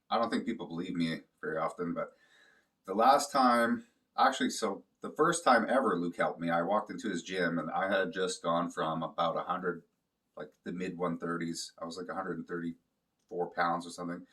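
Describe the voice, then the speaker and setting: A man with a very low voice tells a loose, swear-filled story in a relaxed, meandering way. He sounds set back from the microphone. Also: normal speed, far from the mic. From Canada. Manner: rambling, profane, loose with fillers. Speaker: vlogger. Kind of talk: casual storytelling.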